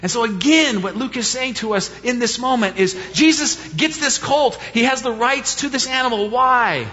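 A man with a high voice preaches a sermon in a conversational, questioning way and drives his points home by repeating them. His voice rings with long reverb through a church sanctuary. The sound is dull and lo-fi. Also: moderate pace, sharp tone. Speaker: pastor.

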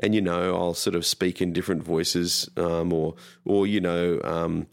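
A man's voice: sits low, flat delivery, a little slow, gravelly, clear, resonant tone. An Australian man, a pastor, chatting as a guest in a rambling, self-deprecating way. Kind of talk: casual conversation.

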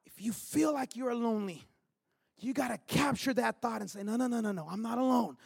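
High-voiced pastor preaching with fire. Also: male voice, brisk, creaky, breathy edge, dry recording, studio quality. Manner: swings from loud preaching to quiet personal storytelling. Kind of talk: sermon.

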